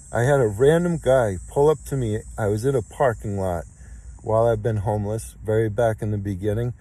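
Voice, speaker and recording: A man in his fifties with a dark, medium-pitched voice records his case in an emotional spoken monologue, the poor audio carrying a little hiss or hum. Aggrieved and insistent, he keeps repeating his points.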